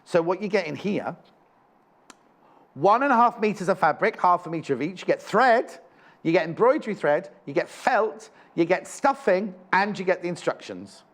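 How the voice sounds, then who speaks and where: A man's voice: high-pitched, animated, moderate pace. A man presenting craft kits on a live shopping channel, chatty and enthusiastic, rambling with frequent self-corrections.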